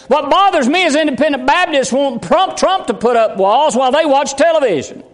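Pastor, high-pitched man, fervent folksy preaching, reverberant sanctuary. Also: expressive, brisk. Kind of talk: sermon. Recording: long hall reverb.

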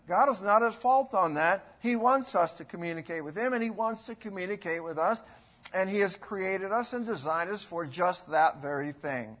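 A middle-aged man preaching a sermon in a folksy, rambling way, rising to loud bursts when he quotes. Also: sits high, expressive, normal speed.

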